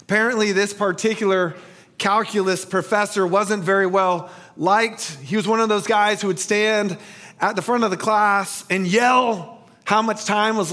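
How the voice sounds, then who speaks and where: A male pastor delivering a sermon with a fairly high voice. He tells stories at a slow, deliberate pace and leans on rhetorical questions. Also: a bit bright.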